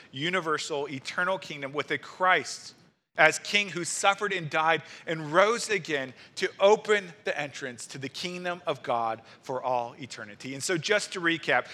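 A man's voice: high-pitched, sharp tone. A man preaching a sermon, emphatic and full of rhetorical questions to the congregation. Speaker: pastor.

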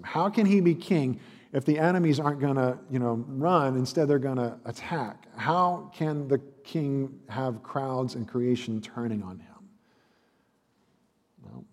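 A man's voice: medium pitch, a little mellow, husky, in a large hall. A man preaching a sermon as pastor, earnest and emphatic, building through rhetorical questions.

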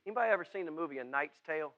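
A man preaching a sermon as pastor, folksy and plain-spoken, swinging from loud preaching to quiet, intimate asides. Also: on the high side, lively intonation, rapid-fire, no echo, dull audio. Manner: folksy and plain-spoken, with southern-style words.

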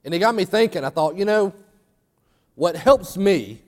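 A man's voice: high voice, lively intonation, normal speed, long pauses. A man preaching a sermon, telling a folksy story and rising to fervent emphasis. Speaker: pastor. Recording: long hall reverb.

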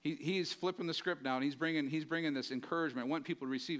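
A man's voice: on the high side, fast talker, few pauses, fairly bright tone. Emphatic man preaching a conversational sermon. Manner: conversational and emphatic, often asking the congregation questions. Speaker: pastor.

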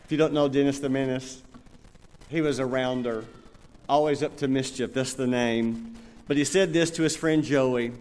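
A man's voice: medium pitch, fairly even intonation, moderate pace, darkish tone, in a large hall. An older man preaching a sermon, telling stories and acting out little dialogues in a conversational way. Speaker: pastor.

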